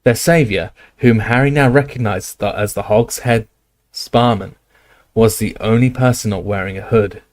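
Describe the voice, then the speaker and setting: A man reading a novel aloud in steady, measured storytelling narration. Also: fairly low pitch, dry recording. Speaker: audiobook reader. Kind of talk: scripted narration.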